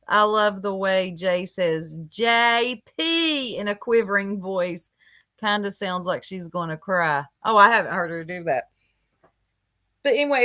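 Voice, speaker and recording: A woman's voice: medium pitch, bright, forceful tone. A woman hosting a casual livestream, gossiping with chat and greeting viewers by name, laughing often. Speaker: livestream host.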